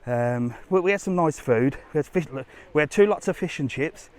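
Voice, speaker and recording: A man's voice: on the high side, animated, moderate pace, darkish tone, clean tone. A man doing a live walking vlog, chatting cheekily and rambling as he strolls along a seaside resort promenade, filming on a handheld phone. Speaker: travel vlogger.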